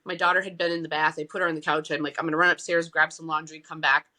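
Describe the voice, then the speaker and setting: Bright-voiced woman telling a story. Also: low voice, rapid-fire. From United States. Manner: animated, acts out quoted voices. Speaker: nonprofit founder, guest. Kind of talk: casual storytelling interview.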